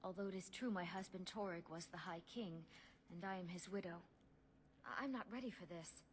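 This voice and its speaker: A woman's voice: fairly low pitch, a little hiss or hum, close to an everyday voice. Elisif, a woman voicing a reserved widowed queen. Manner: formal, measured, hesitant. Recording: game audio under soft music.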